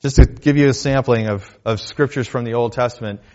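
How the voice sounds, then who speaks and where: A male pastor delivering a sermon, moving between loud declarations and quiet, hushed asides. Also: mid-range voice, brisk, muffled recording.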